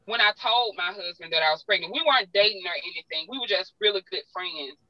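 Over a loud crowd and dull audio, a Southern US woman talks quickly in a medium-pitched voice. As a guest and self-described talker, she shares emotional personal stories with real feeling.

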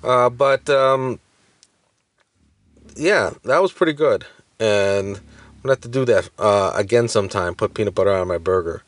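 A podcast co-host in his thirties chats casually but hesitantly, full of uhs, restarts and self-corrections. His voice is lowish, at normal speed with long pauses, and the recording is dry.

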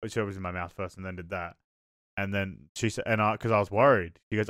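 Fast-talking low-voiced man. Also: fairly even intonation, fairly bright tone, dry recording, studio quality. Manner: crude, joking. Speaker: podcast co-host. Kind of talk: casual banter.

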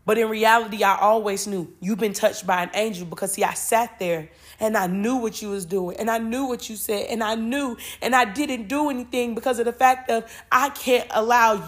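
A woman, reading Bible verses and talking emotionally and informally, swearing freely, on her spiritual podcast. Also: medium pitch.

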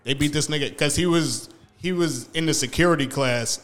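A man chatting casually with friends, telling animated slang-filled stories and acting out other people's voices. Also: on the high side, normal speed. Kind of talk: casual chat, storytelling.

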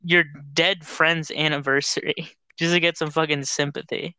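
Young male gamer storyteller, bright forceful voice, dry close mic. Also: fairly high pitch, little pitch movement, moderate pace, smooth, no echo, low-quality recording. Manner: laughing storyteller, swears, acts out voices. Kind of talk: casual chat while gaming.

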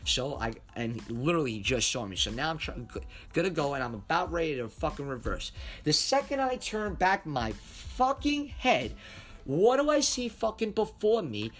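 A man telling a personal story in a casual, heavily profane and animated way. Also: a little high, normal speed. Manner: animated, heavy cursing.

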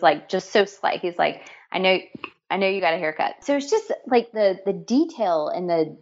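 Earnest lowish-voiced woman telling stories. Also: dull audio. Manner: earnest, emotional, many restarts and fillers. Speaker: guest. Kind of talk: storytelling in conversation.

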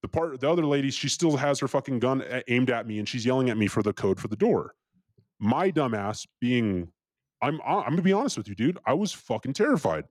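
A young Californian man, guesting on a podcast, tells a story in a medium-pitched, fairly quick voice over a dry recording. He swears freely and gets animated, acting out the voices of the people he quotes in this casual storytelling.

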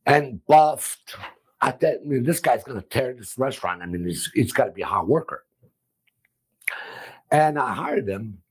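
A man from Italy, a restaurant owner, talking emphatically and loudly, repeating himself in an animated interview. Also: medium pitch, normal speed, pauses often, slightly rough. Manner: emphatic, repetitive, loud and expressive.

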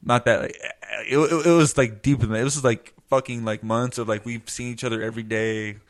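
A man telling a story in casual, profane podcast chat, acting out quotes loudly and swearing constantly. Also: medium pitch, steady tone, quick pace. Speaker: comedian podcast co-host.

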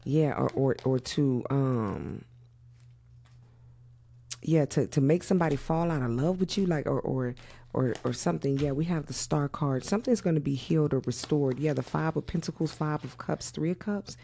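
A woman's voice: sits low, moderate pace, vocal fry, warm tone. A woman giving a casual tarot reading, thinking aloud with lots of "yeah"s and some casual swearing. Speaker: tarot reader.

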